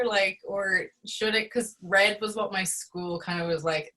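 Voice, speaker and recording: A woman's voice: medium pitch, steady tone, unhurried, hardly any pauses, pushed and bright, low-quality recording. A young woman, a drama student, asking a rambling, uncertain question full of fillers. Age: young adult. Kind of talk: asking a question in a group discussion.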